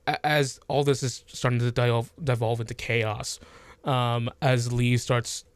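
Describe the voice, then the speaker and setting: A man running a tabletop fantasy game as game master, narrating slowly with many fillers and restarts. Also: mid-range voice, little pitch movement, clean tone, no room sound.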